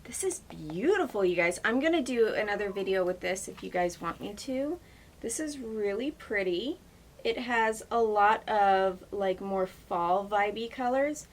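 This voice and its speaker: A young woman beauty vlogger chatting to camera in a gushing, excitable and emotional way. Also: medium pitch, a little slow. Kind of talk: casual chat to camera.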